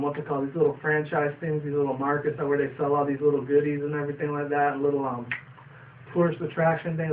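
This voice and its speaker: A young man casually reviewing a cartoon episode, rambling with fillers and casual swearing. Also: fairly high pitch. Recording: distant tinny phone-like sound, faint noise.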